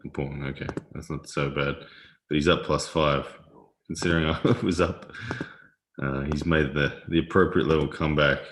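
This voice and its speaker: A man with an extremely deep, low voice talks casually through a live stream, laughing easily and answering viewers as he plays chess. The room around him adds a noticeable echo. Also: little pitch movement, moderate pace, fairly bright tone, slight background noise. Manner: chatty, laughs often, reads viewer comments aloud. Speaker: livestream host. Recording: roomy echo.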